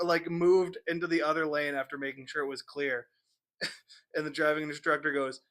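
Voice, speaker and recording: A young man with a bright, forceful voice tells stories on a casual podcast. He is animated and laughs a lot. He acts out what other people said. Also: fairly high pitch, brisk. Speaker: podcast co-host. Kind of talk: casual storytelling chat.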